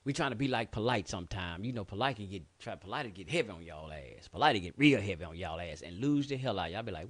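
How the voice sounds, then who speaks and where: Low-voiced streetwise radio host preaching. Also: male voice, lively intonation, fast talker, hardly any pauses, no echo. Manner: conversational, preachy, streetwise slang, frequent cursing. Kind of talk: casual talk radio monologue.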